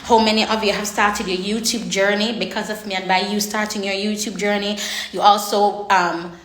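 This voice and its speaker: A woman's voice: mid-range voice, little pitch movement, moderate pace, roomy sound. A woman with a Jamaican accent chatting casually on a livestream, sassy and talkative, calling her viewers honey and baby. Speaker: makeup artist and livestream host. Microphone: phone on a makeshift tripod.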